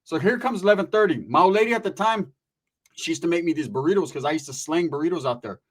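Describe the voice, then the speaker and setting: A man's voice: a little high, expressive, quick pace. A man telling a comic story in a loose, profane way, tossing in "right?" again and again.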